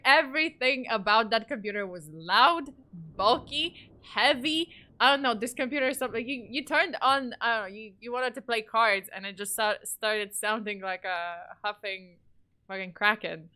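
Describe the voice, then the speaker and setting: A woman in her thirties from Poland chats on her livestream in a loose, rambling way. She swears freely and laughs often. Her voice is bright and sits a little high. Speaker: streamer. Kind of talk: casual livestream chat.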